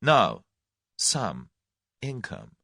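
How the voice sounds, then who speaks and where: A man's voice: lowish voice, huge pitch swings, very slow, gravelly, sharp tone, husky, dry recording, studio quality, heavily acted. A man doing a brash young suitor. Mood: breezy. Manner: breezy, direct, folksy slang.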